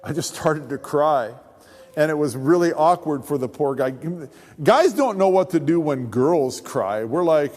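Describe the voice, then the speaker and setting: A man who is a pastor, giving his testimony as an animated storyteller who acts out the voices. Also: on the high side, a little slow, slight background noise. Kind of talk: sermon testimony. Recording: long reverb of a large hall.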